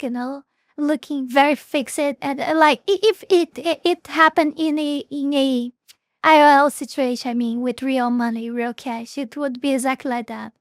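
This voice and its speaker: High-voiced hesitant woman commenting. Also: no echo, studio quality. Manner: hesitant, frequent restarts and fillers. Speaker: reaction video host. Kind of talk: casual commentary.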